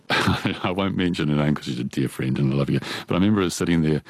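A man with a New Zealand accent, an opera singer, telling stories from his early life in a relaxed, chatty way with frequent laughs. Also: rumbling low, fairly quick, no room sound. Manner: chatty, laughs often, animated quoting. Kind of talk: relaxed storytelling.

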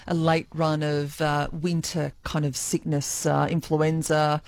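A low-pitched Australian woman hosting local radio in a close, dry studio sound. She chats easily between segments and reads the weather, pausing now and then with small fillers. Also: little pitch movement, a little mellow, dry recording. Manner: chatty, with filler pauses. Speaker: radio presenter.

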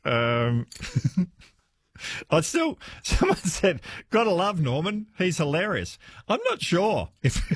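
On a studio microphone, this talkback radio host chats with callers and laughs frequently. His husky, high-pitched voice swings widely in pitch, and he talks slowly.

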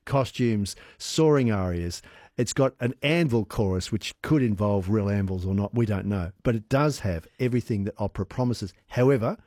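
A man hosting an evening radio show in a studio, joking playfully with quick asides. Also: lowish voice, darkish tone, no echo. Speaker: radio host. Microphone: studio microphone.

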